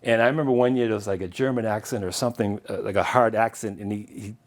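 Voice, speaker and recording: A man's voice: on the low side, fairly even intonation, quick pace. A middle-aged man giving a casual history lecture, chatting through anecdotes and chuckling now and then. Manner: chatty and anecdotal, chuckling at his own stories. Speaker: lecturer and longtime marathon runner.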